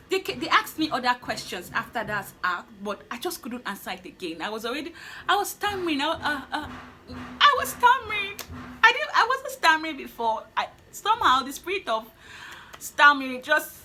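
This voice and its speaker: Animated young Nigerian woman telling a story. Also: a little high, a little hiss or hum. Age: young adult. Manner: animated, laughing, acts out her inner voice. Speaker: vlogger. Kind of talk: storytelling vlog.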